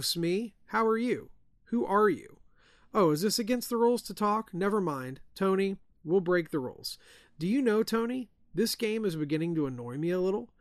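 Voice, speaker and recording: Guy doing a nervous chatty woman in a ghost story, bit higher, close dry mic. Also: no echo. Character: kindly woman, a nervous chaperone. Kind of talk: reading a ghost story aloud.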